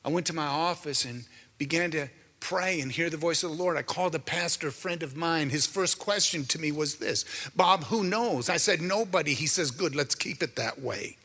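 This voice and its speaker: A man's voice: fairly high pitch, moderate pace, hardly any pauses, pushed and bright, big-room sound. A man co-hosting a Christian talk show, telling his story in an earnest, preacherly way and speaking straight to the listeners. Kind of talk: preaching-style testimony.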